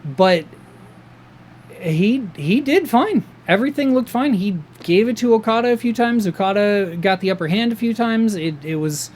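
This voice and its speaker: A man reviewing a wrestling show in casual chat, excitable and rambling, with many fillers and restarts. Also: high voice, normal speed, slight background noise.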